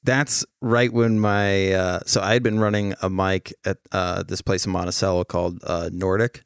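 A man hosting a casual chat, relaxed and chiming in with quick agreement. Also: sits low, clean tone, dry recording, studio quality.

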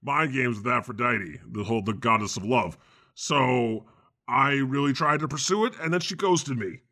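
A man playing God as a laid-back, slangy deity with a deadpan delivery in an improvised comedy interview. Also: medium pitch, normal speed. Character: God, a casual jaded male deity.

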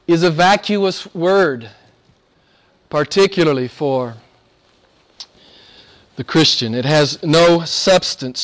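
A male pastor preaching a sermon, emphatic, swinging between quiet points and rising declarations. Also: on the high side, slow pace, pauses often.

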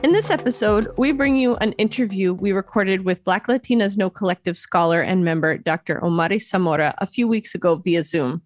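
A woman co-hosting an academic podcast, reading a script clearly and at a measured pace. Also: mid-range voice, faint music behind. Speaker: podcast co-host, professor.

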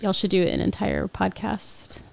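Gravelly woman chatting. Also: mid-range voice, flat delivery, measured pace. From Texas. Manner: chatty, agreeable, lots of backchannel. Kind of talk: casual chat.

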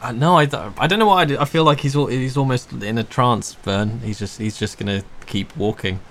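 A man's voice: mid-range voice, brisk, fairly bright tone. A man playing a tabletop role-playing game who describes his character's actions hesitantly, with restarts and stammers. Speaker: player.

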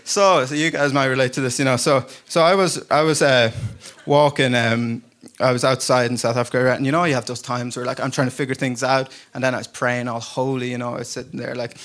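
A man's voice: medium pitch, a little fast, a bit bright. A man preaching to a church congregation in a casual, storytelling way, often joking at his own expense. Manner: casual storytelling, self-deprecating humor, laughs often. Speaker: pastor. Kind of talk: conversational sermon. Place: church service before a congregation.

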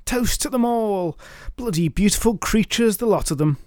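A man voicing a boastful, lecherous, drunken knight, all loud blustering bravado. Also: high-pitched, animated, normal speed, dry recording, clean studio sound, pitched above the performer's own voice. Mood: boisterous.

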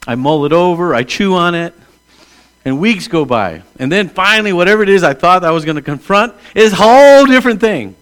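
A man in his sixties, a pastor, preaching a conversational sermon that moves between hushed asides and emphatic calls. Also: high voice, animated, a little fast, smooth. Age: 60s.

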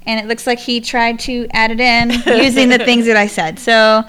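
Casting: woman in her thirties, podcast co-host, bright crisp voice, rambling chatty delivery. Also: on the high side, flat delivery, moderate pace. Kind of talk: casual chat.

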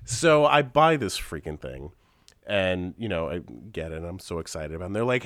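A man with a stuffy, congested voice, telling animated stories in a casual podcast chat and swearing casually. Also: lowish voice, a little fast, no echo, studio quality. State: congested from a sinus infection. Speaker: podcast regular.

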